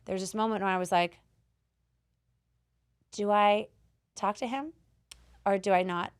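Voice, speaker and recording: Animated, swearing woman podcast host. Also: medium pitch, unhurried, smooth. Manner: animated storyteller who swears and acts out quotes loudly. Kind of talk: casual chat, coaching advice.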